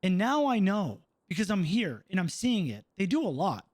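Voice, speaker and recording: A man's voice: high voice, sing-song, normal speed, a little mellow, dry recording, clean studio sound. Young man venting, ends lines with "bro". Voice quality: swearing, trails off with "bro" and "dude". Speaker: roleplay game streamer. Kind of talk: casual out-of-character venting.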